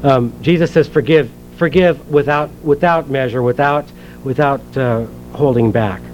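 A man's voice: medium pitch, measured pace, lo-fi sound, slight background noise. A man preaching a sermon in a conversational way, asking the congregation questions and reading scripture aloud. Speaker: pastor.

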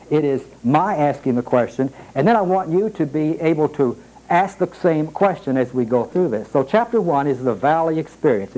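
A man preaching a sermon, slowing down to read scripture aloud and rising sharply in pitch on his questions. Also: warm tone, poor audio. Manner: emphatic, rises sharply on questions. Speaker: pastor.

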